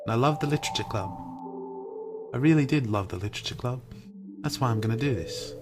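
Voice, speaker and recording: A man voicing a heartbroken, obsessive teenage club president girl in a put-on British accent, pleading and halting in a live dramatic reading of a visual novel. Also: mid-range voice, music in the background, lightly acted. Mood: resigned.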